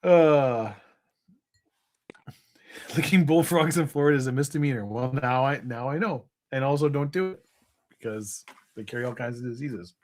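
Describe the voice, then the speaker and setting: A man co-hosting a podcast, chatting casually and telling stories with animated retold quotes. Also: medium pitch, moderate pace, long pauses. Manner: animated storytelling, retelling quotes. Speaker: podcast co-host. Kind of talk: casual chat.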